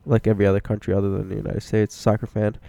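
A man from Egypt co-hosting a casual podcast while sick, talking deadpan and swearing casually. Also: fairly low pitch, very fast, gravelly, no echo. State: sick, coughing. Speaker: podcast co-host. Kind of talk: casual chat.

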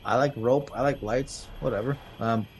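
A man's voice: medium pitch, moderate pace, a little mellow, a little hiss or hum, low-quality recording. A man hosting a podcast, casually recapping a horror film with lots of fillers and acted-out quotes. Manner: rambling, many fillers, acts out quotes. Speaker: podcast host.

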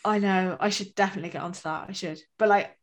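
A woman's voice: medium pitch, fairly even intonation, quick pace. A woman, co-hosting a casual chat and telling rambling, self-mocking stories with plenty of swearing. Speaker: podcast co-host.

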